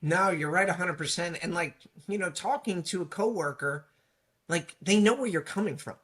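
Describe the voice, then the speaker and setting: A man's voice: high-pitched, moderate pace, fairly bright tone. A man guest on an interview show, a police union leader, speaking earnestly and reflectively in casual conversation.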